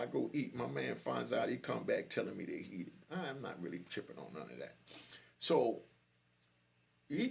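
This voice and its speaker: A man's voice: mid-range voice, vocal fry. A man telling his own jail story in casual street slang, often saying "you know".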